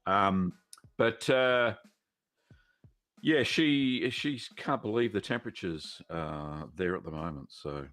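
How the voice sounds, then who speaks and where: A man's voice: fairly low pitch, takes it slowly, a bit bright. A middle-aged Australian man hosting a live cheese-making Q&A stream, chatting casually with many fillers and greeting viewers by name.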